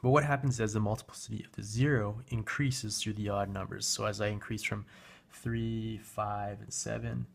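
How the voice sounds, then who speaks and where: This man's voice sits on the low side and has a gravelly texture, at a moderate pace. Relaxed, he teaches a recorded math lesson on a graphing calculator, filling gaps with fillers and fixing his own mistakes aloud.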